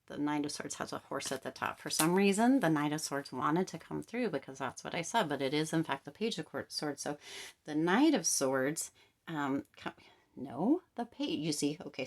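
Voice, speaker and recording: A woman with a notably low voice talks through a tarot reading in a loose, chatty way. She keeps checking in with the listener and swoops up into lively reactions. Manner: chatty, checks in often with "right?" and "okay?". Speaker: tarot card reader. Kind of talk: casual tarot reading to camera.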